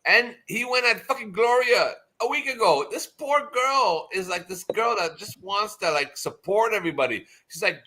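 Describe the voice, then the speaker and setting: A man chatting on a live stream, telling stories with lots of swearing and acting out other people in loud, shouted quotes. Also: high voice, lively intonation, moderate pace, few pauses. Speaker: live stream chat participant. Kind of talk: rowdy casual chat, profane.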